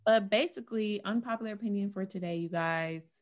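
A woman's voice: mid-range voice, a little fast. A young woman with a North Carolina accent co-hosting a podcast, chatting in loose, profane, joking banter. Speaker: podcast co-host. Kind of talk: casual chat.

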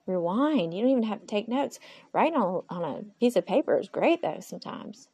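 Gravelly, husky woman talking to herself. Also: mid-range voice, expressive, fairly quick, dark tone, no echo. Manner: candid, rambling, talks to herself aloud; faith-filled, speaks of God. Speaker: podcast host. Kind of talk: personal podcast monologue. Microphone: phone.

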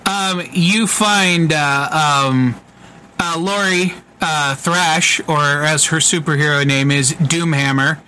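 Bright-voiced man running a game. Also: on the high side, steady tone, slow pace, a little hiss or hum, rough recording. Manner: loose, filler-heavy descriptions with profanity. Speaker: game master. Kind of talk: narrating a tabletop game.

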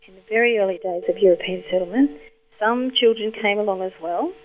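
A woman linguistics expert explaining thoughtfully and patiently in a phone interview, pausing as she thinks. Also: medium pitch. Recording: tinny phone line with faint hum.

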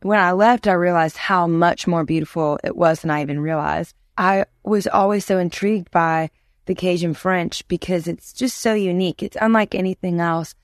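Low-voiced woman from Louisiana. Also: normal speed, dry recording, studio quality. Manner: animated storyteller, acts out quoted voices. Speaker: guest musician. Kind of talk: casual interview chat.

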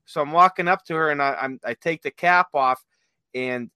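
A man's voice: on the high side, moderate pace, bright, forceful tone, smooth, no room sound. A man telling prank stories in casual chat, rambling with many fillers and restarts. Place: workplace with dispatchers.

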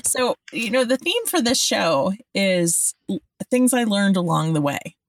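A woman's voice: medium pitch, very animated, unhurried, no echo. A woman hosting a casual chat, encouraging her guest with affirming murmurs. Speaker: podcast host. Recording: dry, slightly distant mic.

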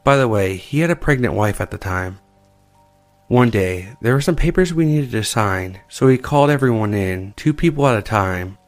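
A man calmly reading listener-sent creepy stories aloud, as the show's narrator. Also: mid-range voice, brisk, few pauses, no echo. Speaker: horror story narrator. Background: soft background music.

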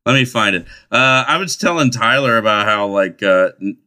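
Male podcast host, low voice with a bright edge, profane and rambling. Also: lively intonation, normal speed. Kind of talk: crude casual chat.

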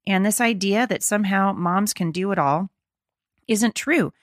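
A middle-aged woman hosting a faith-based podcast, slightly hoarse and gravelly, talking in an earnest, encouraging, conversational way. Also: medium pitch, unhurried, no echo, studio quality. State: slightly hoarse, losing her voice. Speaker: podcast host.

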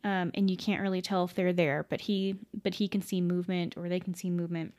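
A woman's voice: on the low side, level tone, fairly quick, a little mellow. A woman casually telling a ghost story at home, rambling with many fillers, self-corrections and casual swearing. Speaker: podcast host.

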